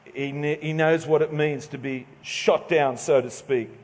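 A middle-aged Australian man preaches in a loose, joking, chatty manner, often restarting his phrases. His voice sits a little high for a man, and the church hall around him rings with a long reverb. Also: steady tone, measured pace, darkish tone. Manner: casual, joking, conversational preaching with stumbles. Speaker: pastor. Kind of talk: sermon.

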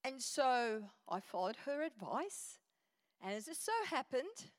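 Animated woman speaker in church hall. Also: on the high side, measured pace. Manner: animated, storytelling. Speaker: guest speaker. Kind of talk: women's church event talk. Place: church auditorium.

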